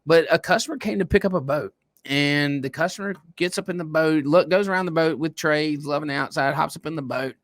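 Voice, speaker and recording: A man's voice: on the high side, brisk, fairly bright tone, dry recording. Dry-sounding man telling stories. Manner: storytelling, acts out quoted people, frequent restarts. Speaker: podcast co-host, detailing shop owner. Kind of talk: casual podcast chat.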